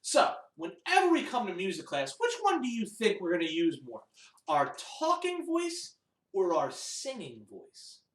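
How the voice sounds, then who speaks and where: A man teaching a children's music class, talking slowly and patiently in a sing-song way and breaking into song. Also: high-pitched, wildly swooping pitch, a bit bright, echoey room.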